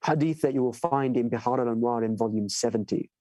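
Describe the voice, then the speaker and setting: A man giving a sermon, telling stories with animated delivery and asking listeners "right?" as he goes. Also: mid-range voice, quick pace, no echo, low-quality recording. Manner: animated storyteller, acts out voices in tales. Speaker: shaykh giving a majlis lecture. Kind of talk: sermon with storytelling.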